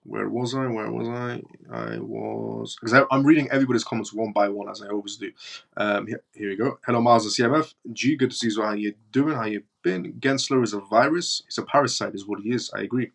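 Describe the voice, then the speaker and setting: A man's voice: fairly low pitch, fairly even intonation, brisk, vocal fry. A man with a British accent hosting a live stream, reading news and viewer comments aloud in a blunt, mocking way. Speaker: crypto livestream host.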